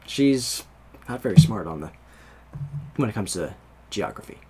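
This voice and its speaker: A man's voice: on the low side, expressive, moderate pace, dark tone, breathy edge. A young man from the United States hosting a podcast, rambling in casual chat and laughing often. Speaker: podcast host.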